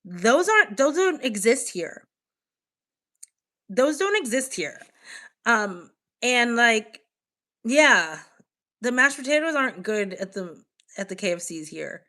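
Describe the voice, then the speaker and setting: A young woman from the United States hosting a casual livestream, chatting with viewers in an animated way full of "like" fillers. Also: a little high, slow pace, long pauses. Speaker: livestream host. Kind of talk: casual livestream chat, reacting to viewer comments.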